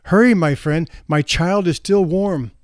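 A man's voice: mid-range voice, moderate pace, darkish tone, no echo, lightly acted. A man reads out a desperate, grieving man who pleads urgently in a plain voice. The recording is dry and close, with no room sound. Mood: pleading. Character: grieving desperate middle-aged man in wartime.

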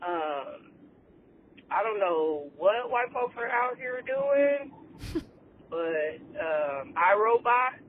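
A woman's voice: mid-range voice, expressive, very slow, pauses often. A woman calling in to a podcast, talking in a blunt, joking, exasperated way over a phone line. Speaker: caller. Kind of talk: voicemail to a podcast. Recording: tinny phone line with faint noise.

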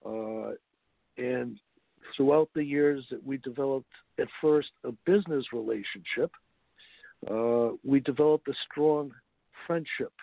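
A man with a gravelly edge is being interviewed about his book. He talks haltingly and often restarts his sentences, and the sound comes through a thin, phone-like line. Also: medium pitch, no room sound. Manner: halting, many fillers and restarts. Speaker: author guest. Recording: tinny phone-like line, dry.

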